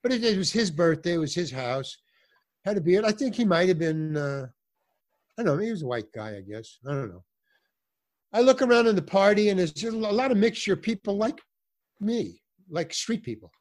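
A man's voice: high-pitched, sing-song, moderate pace. An older man, an actor and comedian, telling a story in a casual interview and acting out the voices of the people in it, with many fillers and restarts.

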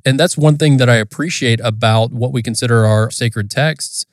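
A man co-hosting a conversation, speaking in a thoughtful, measured and reflective way. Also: medium pitch, no room sound, clean studio sound. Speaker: podcast co-host. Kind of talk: casual conversation.

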